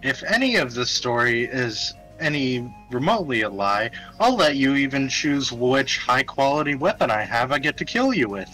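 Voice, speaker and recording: A man's voice: medium pitch, sing-song, normal speed, few pauses, sharp tone, soft background music, low-quality recording. A man playing a tabletop game, blunt and mock-threatening. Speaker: player.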